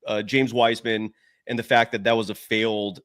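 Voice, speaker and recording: A man hosting a live postgame basketball talk show from his home, an animated storyteller who acts out quotes. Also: on the low side, normal speed, clear, resonant tone. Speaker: show host.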